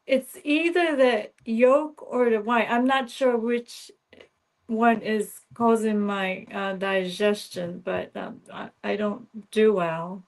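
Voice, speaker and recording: Slow-spoken, gentle woman guest. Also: mid-range voice, fairly even intonation, poor audio. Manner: halting, gentle, laughs easily. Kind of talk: casual livestream chat.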